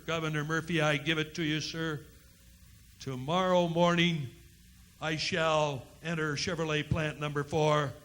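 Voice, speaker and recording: A man giving a dramatic first-person historical monologue on a college forum stage, oratorical and impassioned, with slow emphatic build-ups. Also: on the high side, pushed and bright, rough recording. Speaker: historical reenactor.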